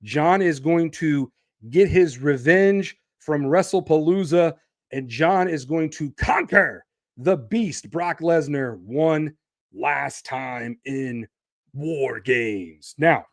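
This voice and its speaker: A man's voice: on the high side, no room sound, studio quality. A man hosting a solo wrestling podcast, talking animatedly and stretching out names for emphasis. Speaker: podcast host.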